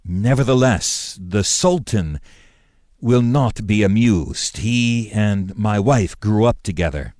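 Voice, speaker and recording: A man voicing a formal, indignant male governor who speaks in a measured way with pointed emphasis. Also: fairly low pitch, expressive, darkish tone, dry recording, clean studio sound.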